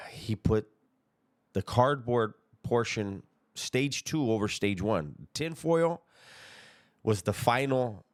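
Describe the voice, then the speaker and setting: A man telling a prison story in a relaxed, slangy, conversational way, chuckling at his own tale and dropping low and hushed on asides. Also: slow, pauses often, dry recording, clean studio sound. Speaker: storyteller recounting prison life. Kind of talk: casual spoken storytelling.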